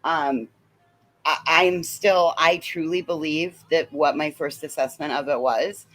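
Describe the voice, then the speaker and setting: A woman with a very low voice talks casually on a livestream panel. She pauses on fillers as she works through her view. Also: fairly even intonation, a bit bright. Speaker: panel guest. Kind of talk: livestream commentary.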